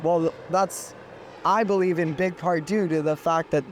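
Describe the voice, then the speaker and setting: High-voiced young man hosting a podcast. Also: steady tone, unhurried, slight background noise. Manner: reflective, many "like" fillers. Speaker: podcast host. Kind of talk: casual conversation.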